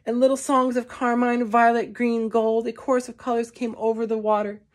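A woman giving a measured poetry reading, with slow, deliberate phrasing and long pauses. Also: a little high, level tone. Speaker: poetry reader.

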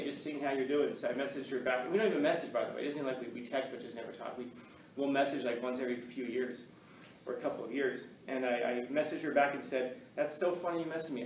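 A male teacher telling a story to his class in an animated way, acting out the voices of the people in it. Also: medium pitch, a little hiss or hum. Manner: animated, acts out quoted voices. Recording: echoey classroom, mic from far off.

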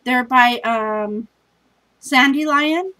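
A woman hosts a scrapbooking challenge video from home, sounding worn out. Her talk is chatty and scattered, full of self-deprecating asides. Her voice sits a little higher than most women's. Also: drawn-out words, sharp tone, low-quality recording. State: tired. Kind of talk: casual vlog chat.

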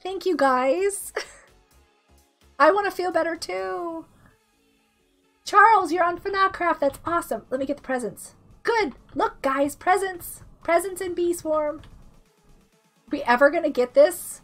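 A woman's voice: very high-pitched, unhurried, long pauses, a bit bright, soft background music. A woman streaming a game live and chatting casually, bubbly and giggly, sick with a cough. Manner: bubbly, giggly, reads chat aloud.

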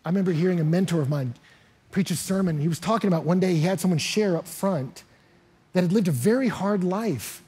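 Pastor, male, animated storytelling sermon delivery, raspy tone. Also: high-pitched, brisk. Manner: animated, storytelling preacher who often laughs.

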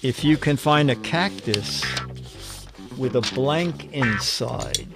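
Slow, fumbling male show host. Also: medium pitch, expressive, loud music behind the voice. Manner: slow and fumbling, searching his papers aloud; chuckles at the jokes he reads. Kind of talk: casual streamed chat, reading viewer answers.

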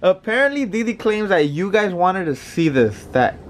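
Young guy vlogger, high pitch, grumbly and jokey, casual chat. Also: very animated, normal speed. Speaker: vlog co-host. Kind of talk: casual couple vlog chat.

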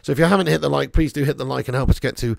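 A man live-streaming a football video game, chatting casually with viewers, reading out their messages, swearing and bursting into excited cheers. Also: medium pitch, very fast, creaky, no echo, studio quality. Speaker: gaming streamer.

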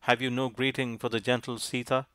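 A man's voice: mid-range voice, little pitch movement, a little fast, a bit bright, clear, resonant tone, no echo, natural voice. A man voicing an angry, protective younger brother prince who speaks indignantly.

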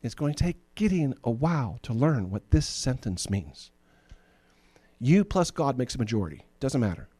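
A man preaching a relaxed, joking sermon that sounds like everyday talk, his pitch sitting in a middle range. The sound is dry and close, with no room echo. He often slips into acting out the people he is talking about. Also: normal speed, slightly rough. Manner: conversational and joking, acts out Bible figures. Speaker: pastor.

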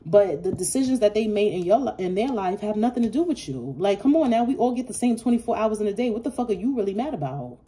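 A woman's voice: mid-range voice, lively intonation, fast talker, few pauses, dark tone. A woman giving a casual tarot reading, blunt and sassy, swearing freely and laughing often. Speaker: tarot reader.

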